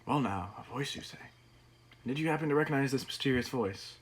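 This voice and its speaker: A man's voice: medium pitch, a little fast, faint music behind, voice pushed up, close to an everyday voice, poor audio. A man voicing a mysterious old man from a game, reading the dialogue aloud in a put-on accent. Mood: grave, measured.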